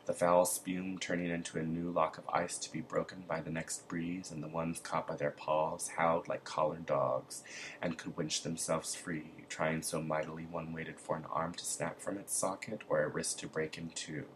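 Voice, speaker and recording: A man reading a literary text aloud in a steady, deliberate way. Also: a bass voice, slight background noise, rough recording. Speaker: reader.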